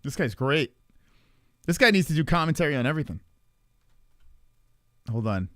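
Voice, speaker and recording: Man, lively swooping voice, incredulous streamer reacting, swears a lot, dry close sound. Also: a little high, no room sound. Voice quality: incredulous, swearing, quick asides. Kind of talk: live-stream reaction commentary.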